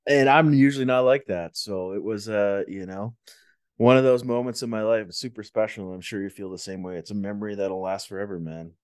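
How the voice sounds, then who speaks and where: A man co-hosting a podcast from home, trading friendly jokes and teasing banter in an easy casual chat. His voice sits fairly low. The recording is dry and close, with almost no room sound. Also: brisk, darkish tone, clear, resonant tone, dry recording. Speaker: podcast co-host. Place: at home, remote call.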